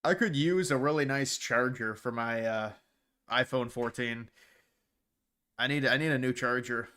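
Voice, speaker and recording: Man, livestream host, from Ohio, casual chat, blunt, rambling, mid-pitch. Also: measured pace, pushed and bright. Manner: rambling, blunt, trailing off into restarts. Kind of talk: casual livestream chat, reading viewer questions.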